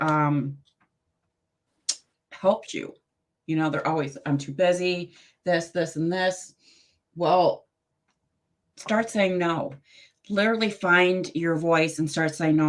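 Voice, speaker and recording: A woman hosting a live tarot reading show, chatty and friendly as she reads cards aloud. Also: low-pitched. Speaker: host.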